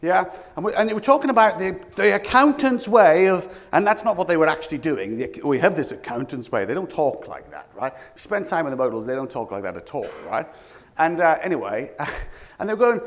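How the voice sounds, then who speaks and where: A British man giving a leadership coaching talk to a live audience, animated, firing questions at the room and acting out what people say. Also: fairly high pitch, brisk. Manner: animated, asks the audience questions, acts out quotes. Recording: long hall reverb.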